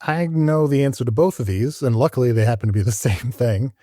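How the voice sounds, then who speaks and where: Mellow, expressive man cracking trivia jokes. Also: medium pitch, a little fast, dry recording, clean studio sound. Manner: wry, joking. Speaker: trivia contestant. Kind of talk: casual game-show banter.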